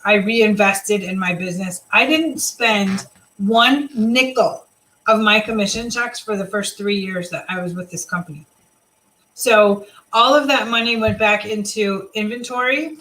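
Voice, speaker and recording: A woman's voice: mid-range voice, unhurried, sharp tone, low-quality recording. A woman leading a live team video chat, talking casually and motivationally, rambling with fillers and restarts. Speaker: team leader.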